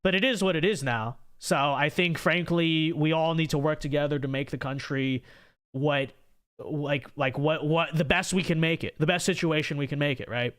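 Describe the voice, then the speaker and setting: A man's voice: fairly high pitch, moderate pace, fairly bright tone, smooth. A young man hosting a political commentary livestream, rambling and repeating words as he thinks aloud and reads viewer messages. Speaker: livestream host.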